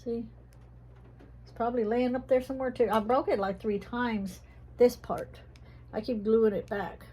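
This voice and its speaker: A woman's voice: a little high, steady tone, mellow, husky, muffled recording. A woman with a mixed Texas and Tennessee Southern accent, chatting casually at home in a vlog about her herb shelf. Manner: chatty, rambling, says she talks fast. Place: indoors at home, rain outside.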